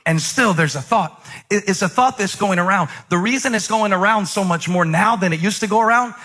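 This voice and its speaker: With a high, brisk, pushed and bright voice, a middle-aged pastor delivers a conversational sermon. He trades jokes with the congregation and bursts into emphatic surges.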